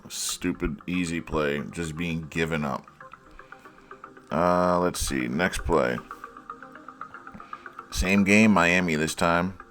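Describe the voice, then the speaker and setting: A man with a low, deep voice walks through football game film in a casual breakdown, blunt and sarcastic as he pokes fun at the blown plays. Soft music plays faintly behind him.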